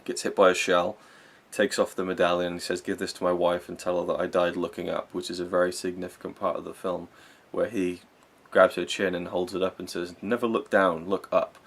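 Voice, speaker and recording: A man's voice: deep voice, level tone, fairly quick, hardly any pauses. A young man giving a rambling, enthusiastic spoken film review, full of fillers and self-corrections.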